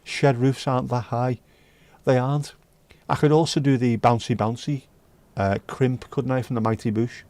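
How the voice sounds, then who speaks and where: Reading through his chat on a live stream, this host banters and jokes with viewers, keeps things chatty and casual, and breaks into bits of song. He speaks at a medium pitch and moderate pace in a steady, slightly mellow tone, and the recording is dry.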